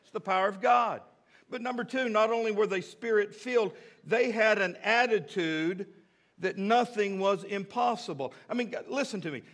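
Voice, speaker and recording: A man's voice: high voice, moderate pace, fairly bright tone. A male pastor preaching a sermon in an emphatic, repetitive way.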